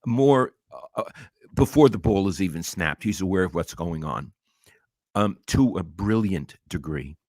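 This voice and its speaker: An older man with a Brooklyn accent co-hosting a sports talk show, deliberate and wry. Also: sits low, lively intonation, a little mellow, dry recording, studio quality. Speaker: podcast co-host.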